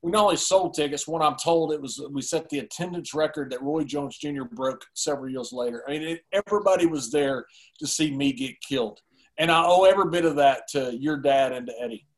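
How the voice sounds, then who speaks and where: A man with a somewhat high voice tells a story as a guest in a podcast interview. He gets animated and laughs as he goes, keeping up a lively storytelling flow. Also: fairly quick.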